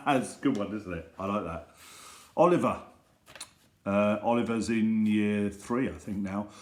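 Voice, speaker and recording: A man leading a school assembly, telling funny stories and reading jokes to children in a gentle, teasing way. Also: lowish voice, a little slow, roomy sound.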